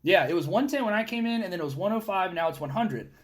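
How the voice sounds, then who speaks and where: A man who is a guest on a podcast, a Marine instructor, telling stories in a rambling, animated and heavily profane way, with frequent restarts. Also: high voice, fast, over a noisy crowd. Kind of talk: casual storytelling chat.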